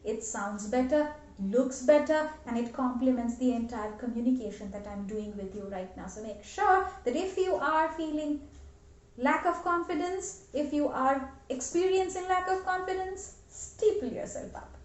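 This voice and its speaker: Young female coach, high voice, earnest instructional delivery; roomy, dull recording. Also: expressive, normal speed. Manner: earnest, demonstrates gestures while talking. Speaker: body language coach. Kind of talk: instructional talk to camera.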